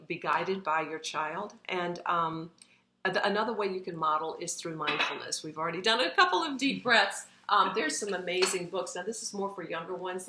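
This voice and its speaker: A woman talks through parenting advice in a warm-paced, chatty live-stream style, often pausing on fillers. Her voice is bright and forceful, a little low for a woman. The sound is echoey, with faint background noise. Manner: earnest, conversational, lots of fillers. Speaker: parenting educator.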